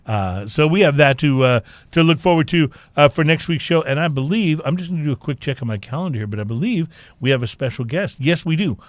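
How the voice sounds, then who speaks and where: A man hosting a casual whisky-tasting talk show, speaking in a halting way with many fillers and restarts. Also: on the high side, animated, no echo. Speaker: podcast host. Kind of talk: casual chat.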